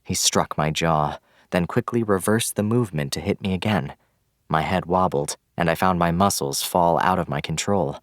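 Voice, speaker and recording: A man giving scripted, measured audiobook narration of a fantasy novel. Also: low voice, no echo, studio quality.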